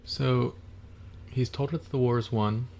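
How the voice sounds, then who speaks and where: A man's voice: mid-range voice, fairly even intonation, a little slow, gravelly, darkish tone, slight background noise. A man co-hosting a podcast, chatting casually about a film and retelling its scenes step by step. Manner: retells movie scenes step by step, slipping into quoted dialogue. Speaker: podcast co-host.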